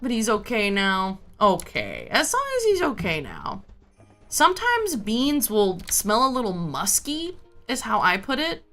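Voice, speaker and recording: A woman streamer rambles to her chat in an unhurried, easygoing way, her pitch rising and falling a lot as she talks. Soft game music plays faintly behind her voice. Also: huge pitch swings. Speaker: livestreamer. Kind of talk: casual chat while gaming.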